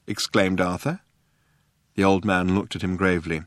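A man narrating an audiobook in a measured, dry storytelling manner. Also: deep voice, fairly even intonation, fairly bright tone, no room sound.

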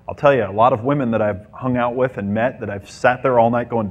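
A man's voice: mid-range voice, brisk, lo-fi sound. Playful man coaching a seminar crowd. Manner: playful, mimics women and acts out scenes. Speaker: dating coach. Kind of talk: seminar talk to a live group.

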